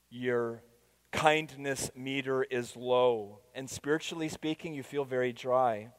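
A man preaching a sermon as pastor, moving between soft, intimate asides and loud, emphatic declarations. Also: medium pitch. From United States.

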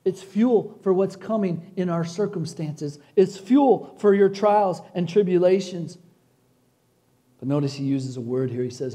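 High-voiced, mellow male preacher. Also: normal speed. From Chicago. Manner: swings between soft hushed passages and loud exclaiming peaks; preacherly, addresses congregation as church. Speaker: pastor. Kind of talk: sermon.

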